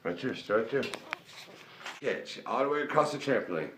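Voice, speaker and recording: A man's voice: mid-range voice, lively intonation, moderate pace, pauses often. A man talking to his pet monkey in its room, coaxing and praising it with frequent chuckles. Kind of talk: casual talk to a pet. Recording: echoey room, faint noise.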